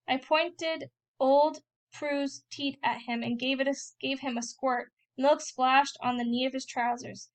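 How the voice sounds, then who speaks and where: A woman's voice: sits high, fairly even intonation, a little slow. A woman reading a first-person novel aloud in a plain storytelling way. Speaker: reader.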